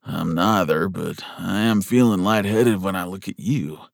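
A man's voice: low-pitched, a little slow, gravelly, dry recording, clean studio sound. A man voicing a brash, flirtatious, injured cowboy with a cocky drawl, in an audiobook.

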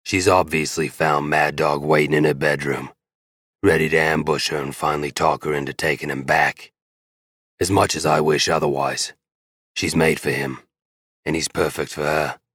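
A man's voice: a bass voice, steady tone, moderate pace, a bit bright, husky, no echo, clean studio sound. A man narrating a romance audiobook in the first person, blunt and swearing freely.

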